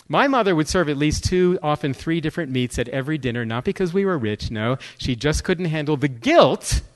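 A man with a fairly high voice preaches in a joking, conversational way. He moves from scripture into lively stories and asides, pulling the listeners along with quick questions. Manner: joking, conversational, animated storyteller. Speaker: guest speaker. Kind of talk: sermon with humor.

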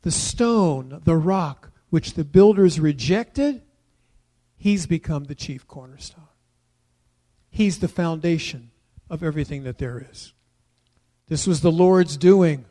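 Middle-aged man, pastor, sermon, slow deliberate delivery, somewhat high voice, emphatic. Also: expressive. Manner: emphatic, builds to loud declarations.

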